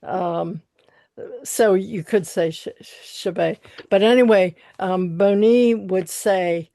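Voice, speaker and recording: A woman's voice: mid-range voice, takes it slowly, mellow, dry recording. A woman commenting at a seminar in a precise, professorial way. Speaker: seminar participant. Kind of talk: conversational commentary.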